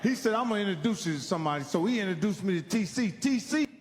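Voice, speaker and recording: A man, originally from Indiana, telling profane, animated stand-up stories and acting out the people in them. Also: sits high, quick pace, long reverb tail, a little hiss or hum. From Indiana, United States. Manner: profane, animated, acts out characters' voices. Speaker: stand-up comedian. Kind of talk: stand-up storytelling.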